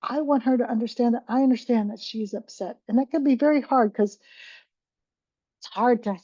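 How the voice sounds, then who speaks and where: A woman leads a webinar for caregivers, speaking in a relaxed, conversational way and acting out short examples as she goes. Her voice is warm and mellow. The recording is dry and slightly dull. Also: a little high, moderate pace, dry recording. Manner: conversational, with frequent restarts and acted-out examples. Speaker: dementia care presenter.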